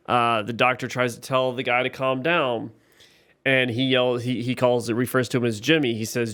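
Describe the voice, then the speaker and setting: A man with a smooth, resonant voice walks through a TV episode scene by scene in relaxed podcast chat. He is recorded close up on a dry mic with no room sound. He gets louder and more animated when something frustrates him. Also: mid-range voice, normal speed, no echo. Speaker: podcast co-host. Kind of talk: casual show recap chat.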